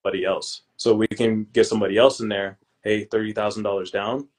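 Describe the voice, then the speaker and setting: A young man who is a podcast guest and real estate investor, chatting casually and telling lively stories in relaxed, slangy speech. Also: on the low side, fast talker. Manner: relaxed and slangy, calls the hosts "bro"; lively storyteller who acts out his own past lines. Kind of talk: casual interview chat.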